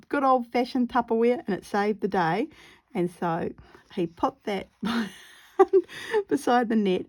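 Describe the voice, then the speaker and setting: A woman's voice: fairly high pitch, darkish tone. A woman telling a funny story casually while she crafts, laughing often and acting out her own panicked squeals. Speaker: crafting vlogger.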